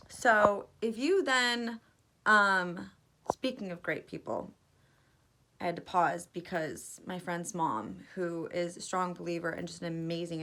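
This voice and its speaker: A woman's voice: mid-range voice, a bit bright. A young woman in a casual, reflective monologue, talking earnestly and rambling with lots of "like" fillers.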